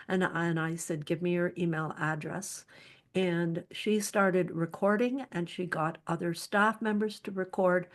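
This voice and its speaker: A woman speaker giving earnest, practical advice on psychological safety, often restarting her sentences. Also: lowish voice.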